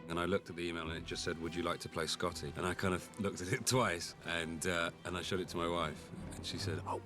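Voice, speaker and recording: Deep-voiced fast-talking British man. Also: fairly even intonation, music in the background. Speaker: actor. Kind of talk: interview for a behind-the-scenes featurette.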